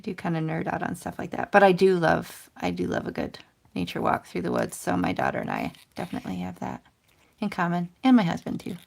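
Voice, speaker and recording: A woman's voice: fairly low pitch, very animated, fairly quick, gravelly. A woman in her thirties hosting a casual crafting livestream, chatting to viewers in a self-deprecating, rambling way. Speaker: crafting channel host. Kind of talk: casual livestream chat while stamping and coloring.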